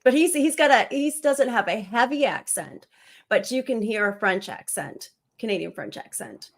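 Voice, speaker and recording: A woman's voice: a little high, animated, normal speed, gravelly. A middle-aged woman chatting as a guest on a livestream, rambling casually with laughs and fillers.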